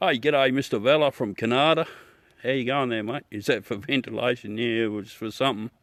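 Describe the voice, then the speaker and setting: A man's voice: medium pitch, steady tone, a little fast, a bit bright, no room sound. A middle-aged Australian man hosting a livestream, chatting casually with viewers, laughing, joking and swearing as he talks. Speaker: livestream host. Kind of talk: casual chat with live viewers.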